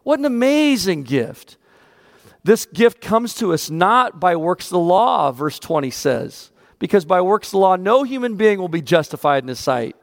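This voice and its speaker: Preaching man with a gravelly voice. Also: sits high, big pitch swings, moderate pace, no echo, studio quality. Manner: earnest preaching, rises with emphasis. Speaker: pastor. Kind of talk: sermon.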